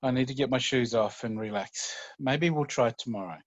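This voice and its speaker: A man playing a worn-out but gentle dad, speaking softly and reassuringly. The voice is dry and a little muffled. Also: medium pitch, normal speed, dry recording, lightly acted. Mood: weary. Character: tired, kindly working father.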